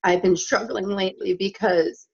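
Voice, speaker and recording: A young woman on a group call, emotional and close to tears, talking in a halting, breathless way full of "like". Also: mid-range voice, steady tone, vocal fry, a little mellow, slightly rough, dull audio. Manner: breathless, halting, many likes. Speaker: team leader, call participant.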